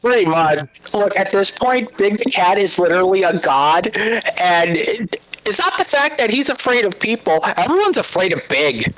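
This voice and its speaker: Higher-voiced man in emphatic banter. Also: big pitch swings, moderate pace, fairly bright tone, a little hiss or hum, rough recording. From US Midwest. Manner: emphatic, mock-indignant banter. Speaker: co-player on stream. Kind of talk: casual chat.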